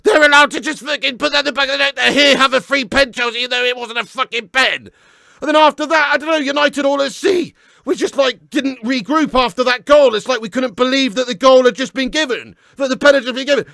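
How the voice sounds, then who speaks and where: High, gravelly, shouting Englishman ranting. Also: quick pace, no room sound, studio quality. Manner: furious, heavily sweary, shouting rant. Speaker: fan reaction host. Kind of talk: ranting reaction video.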